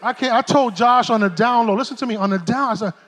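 A middle-aged man, preaching a sermon from a church stage in an animated, joking, streetwise way. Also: extremely high pitch, fast, a little hiss or hum. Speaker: pastor.

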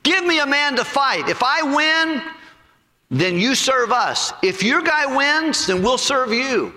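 A man voicing an arrogant giant warrior who taunts an army, with a loud, boastful delivery. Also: extremely high pitch, expressive, takes it slowly, in a large hall, pitched above the performer's own voice, exaggerated voice. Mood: taunting.

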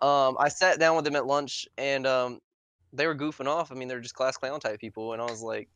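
A young man in casual chat, an animated storyteller who swears often and acts out quotes loudly. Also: medium pitch, fairly quick, clear, resonant tone, no echo.

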